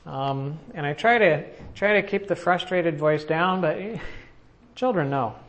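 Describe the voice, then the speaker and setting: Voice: mid-range voice, unhurried, highs cut off. Preacher in a sermon: casual storyteller who keeps restarting sentences and quizzes the listeners. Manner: conversational storytelling with frequent restarts; asks the audience questions.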